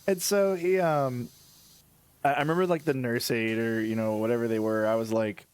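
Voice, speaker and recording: A man's voice: mid-range voice, fairly even intonation, normal speed, clean tone. A man chatting casually on a stream, rambling through stories with lots of restarts and laughing at himself. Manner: rambling, self-interrupting storyteller who laughs at his own stories. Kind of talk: casual chat.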